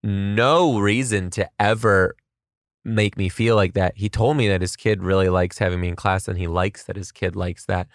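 A man who teaches kindergarten, telling comedic stories about his class with animated, self-mocking asides. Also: sits low, moderate pace, dry recording, clean studio sound. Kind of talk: comedic storytelling vlog.

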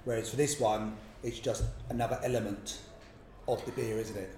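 A man co-hosting a casual podcast in a pub, relaxed and chatty. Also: on the low side, moderate pace. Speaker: podcast co-host. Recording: roomy pub with faint noise.

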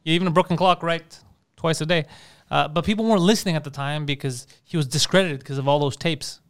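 High, smooth-voiced man riffing casually. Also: fast. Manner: rambling, profane, laughs often. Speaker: podcast co-host. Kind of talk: casual comedic chat.

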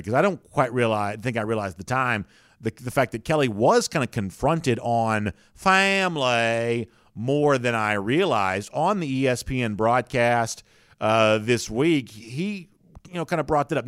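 Guy doing sports talk commentary, casual and opinionated, lots of ums, mid-pitched voice, dead dry sound. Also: no echo. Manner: chatty, opinionated, with frequent fillers and restarts. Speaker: sports talk show host.

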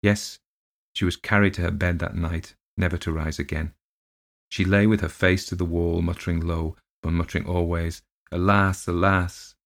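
A man narrating a ghost story as an audiobook reading, in a measured, steady storytelling manner with dramatic swells. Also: low voice, gravelly.

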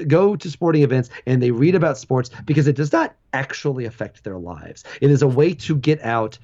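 Animated man, slightly dull lo-fi sound. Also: a little high. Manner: animated, laughs often, frequent restarts. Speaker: guest, former sports website founder. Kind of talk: casual interview talk. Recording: dull lo-fi audio.

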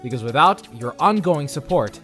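Man, fairly high voice, podcast credits read, faint music behind. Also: lively intonation, normal speed, fairly bright tone. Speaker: podcast co-host. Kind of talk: reading promos and credits.

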